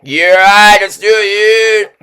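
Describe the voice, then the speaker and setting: A woman playing along with a kids' game, excitable and calling out loudly, with mumbled, halting phrasing. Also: mid-range voice, clean tone.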